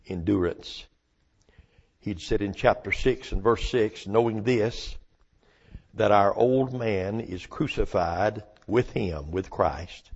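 A man preaching a sermon in a slow, deliberate cadence, leaning on single words with long pauses. His voice is somewhat low and gravelly. The recording sounds a little muffled and lo-fi. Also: darkish tone.

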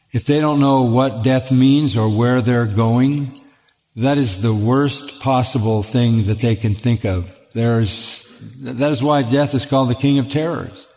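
An older man preaches at a middle pitch, earnest and emphatic, often stumbling over and repeating the first words of a sentence. His voice carries a long reverb from a large hall. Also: warm tone. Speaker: pastor answering questions. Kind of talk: sermon-style Q&A talk. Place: church auditorium.

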